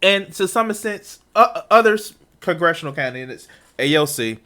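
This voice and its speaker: A man's voice: fairly high pitch, lively intonation, moderate pace, sharp tone. A man streaming a reaction to a debate, talking casually with profane, incredulous outbursts.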